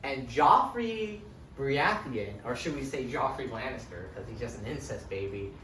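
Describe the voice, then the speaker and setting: A man's voice: mid-range voice, animated, normal speed, a bit bright, reverberant. Young man, casual profane recap, distant mic, faint hiss. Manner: chatty, profane, keeps tagging "right?". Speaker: lecturer recapping a book series. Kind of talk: casual, rambling spoken recap.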